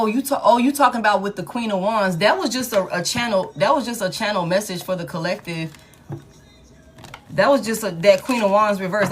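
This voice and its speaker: A woman, chatting casually to her viewers as she reads tarot cards aloud in a live stream. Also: medium pitch. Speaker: tarot reader.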